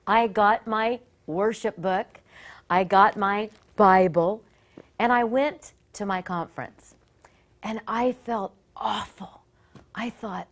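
A woman worship leader sharing a personal testimony story in an earnest, animated way that often breaks off and restarts. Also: medium pitch, a little slow. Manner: earnest and animated, with many self-interruptions.

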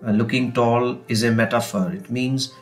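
A man's voice: medium pitch, steady tone. A man explaining a textbook chapter to students, reading passages and then going over them, often saying "you see" and "kindly note down". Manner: slow, repeats and rephrases, fillers, "you see" and "kindly note down". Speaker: English teacher. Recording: faint guitar music behind.

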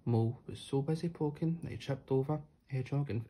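A storyteller reads a children's picture book aloud and leans playfully into the sound words. The voice is very dark and mellow. A faint hum of room noise runs underneath. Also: mid-range voice, fairly quick.

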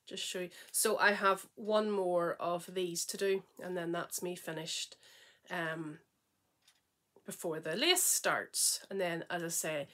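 A woman's voice: lowish voice, fairly bright tone. A woman hosting a knitting podcast, chatting casually and rambling enthusiastically as she shows her projects. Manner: chatty and rambling, trailing off mid-sentence; enthusiastic and gushing.

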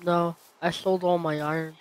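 A person chatting casually with a friend during a game, easygoing and quick to laugh. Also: mid-range voice, flat delivery, clean tone, poor audio. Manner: easygoing, giggly, mutters to self. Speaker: gamer playing with a friend. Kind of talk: casual gameplay chat.

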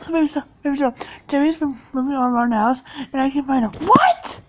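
A woman's voice: sits high, quick pace, highs cut off. A woman doing a flustered, frantic boyfriend. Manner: flustered and pleading, stumbling over words. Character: frantic adult man, the boyfriend. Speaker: puppet video maker. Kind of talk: homemade puppet skit, voicing all parts.

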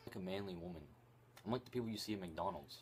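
A man's voice: deep voice, fast, a little hiss or hum. A young man at home chatting casually with his girlfriend, whiny and joking. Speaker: boyfriend. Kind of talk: casual chat.

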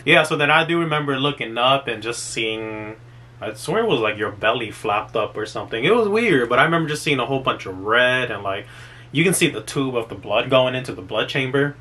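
Young man, vlog co-host; casual storyteller, bright tense timbre. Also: mid-range voice, fairly quick, low-quality recording. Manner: animated, slangy, repeats words. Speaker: new father, vlog co-host.

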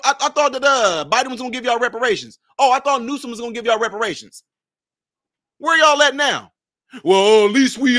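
High, bright-voiced man in heated commentary. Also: dry recording, studio quality. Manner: confrontational, fires rhetorical questions; swings between shouting and low, blunt asides. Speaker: social commentator.

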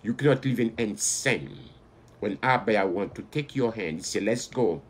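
Low-voiced man preaching fervently. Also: expressive, normal speed, breathy edge. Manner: fervent exhortation, calling out loudly then dropping low; non-standard English grammar. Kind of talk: live online sermon.

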